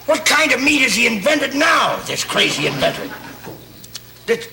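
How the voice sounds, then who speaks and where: A man's voice: extremely high pitch, big pitch swings, normal speed, creaky, echoey room. A man playing a mock-formal agent in a 1960s TV comedy sketch, bantering with the host. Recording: noisy old TV broadcast with loud audience. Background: loud studio audience laughter.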